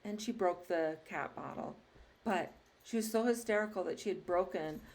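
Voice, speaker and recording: A woman hosting a podcast, chatting casually and telling lively stories with frequent laughter. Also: on the low side, moderate pace. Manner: lively storyteller, laughs often. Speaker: podcast host. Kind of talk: casual interview chat.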